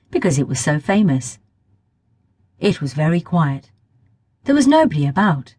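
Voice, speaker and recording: A woman reading a children's story aloud with a lively, rising-and-falling delivery. Her voice sits fairly low with a slight husk, and the recording is close and dry. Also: breathy edge, dry recording. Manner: expressive storytelling. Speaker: audiobook narrator. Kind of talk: children's audiobook narration.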